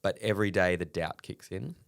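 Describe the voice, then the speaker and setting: A man's voice: low-pitched, a little fast, gravelly, no room sound, studio quality. A man, a comedian chatting candidly on a podcast, swearing freely and laughing between stories. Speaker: comedian guest. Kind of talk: casual podcast chat.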